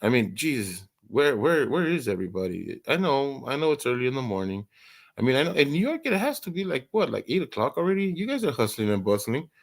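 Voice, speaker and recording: A man's voice: mid-range voice, big pitch swings, brisk. A man hosting an early-morning live stream, chatting casually, rambling and stammering through many restarts and laughing often.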